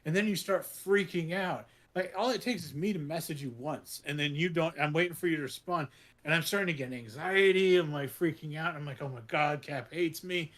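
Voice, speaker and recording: A man co-hosting a podcast, telling stories in an excitable, rambling way, full of fillers and restarts. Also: a little high, a little fast. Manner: excitable storytelling, many fillers and restarts, laughs often. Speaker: podcast co-host. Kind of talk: casual chat.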